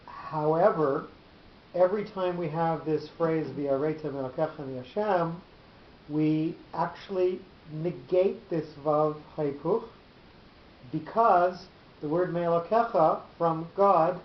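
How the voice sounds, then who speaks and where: Man, lecturer type, slightly high voice, patient and halting, roomy lo-fi recording with hiss. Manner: patient, explanatory, often restarts phrases. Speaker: teacher of a Torah class. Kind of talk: lecture with frequent pauses and fillers. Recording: roomy, dull lo-fi with faint hiss.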